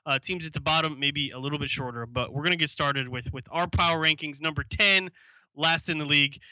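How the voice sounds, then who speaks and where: A man's voice: on the high side, a little fast, pushed and bright, dry recording. A man co-hosting a sports podcast, chatting casually and easygoing as he runs through awards with his friend. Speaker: podcast co-host.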